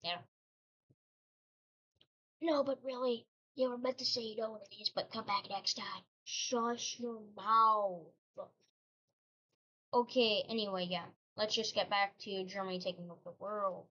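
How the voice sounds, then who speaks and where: Speaking at a moderate clip in a steady, medium-pitched voice, a woman who hosts a channel tells an invented historical story. Her telling is loose and meandering, full of jokey tangents, and the audio is dull and lo-fi.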